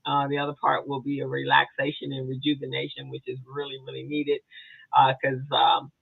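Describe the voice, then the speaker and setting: A woman's voice: extremely low pitch, completely flat delivery, brisk, gravelly, breathy edge, no room sound. A woman co-hosting a casual podcast chat, rambling and chatty, with many fillers and restarts. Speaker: co-host. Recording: tinny phone-like dry sound.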